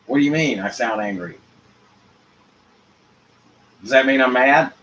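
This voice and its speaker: A man hosting his own show alone, rambling in a free-associating monologue with rhyming wordplay, dropping to mutters and rising to loud outbursts. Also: mid-range voice, measured pace, pauses often, poor audio. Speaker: show host.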